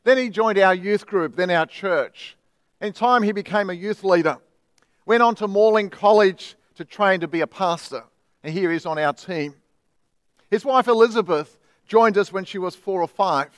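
A man's voice: sits high, normal speed, smooth, no room sound. A middle-aged man with an Australian accent, preaching an earnest, emphatic sermon as pastor.

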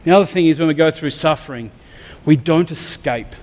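A man's voice: on the high side, brisk, a little mellow. An Australian man preaching a sermon, talking candidly and conversationally with some humor. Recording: long reverb of a large hall.

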